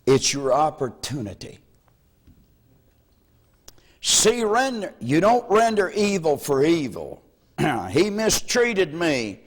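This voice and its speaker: A male pastor who tells folksy stories from the pulpit, slow and unhurried, with a lively, rising and falling voice. The sermon comes from a worn VHS tape, and a long hall reverb hangs behind him. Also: medium pitch. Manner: folksy storytelling, chuckles between lines. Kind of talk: sermon with personal anecdotes.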